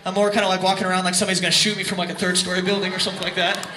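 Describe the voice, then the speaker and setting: High-voiced frontman rambling on stage. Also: flat delivery, rapid-fire. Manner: rambling, self-mocking, laughing through the story. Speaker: band frontman. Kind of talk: onstage storytelling between songs. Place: concert venue. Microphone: stage vocal mic. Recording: echoey live venue, crowd noise.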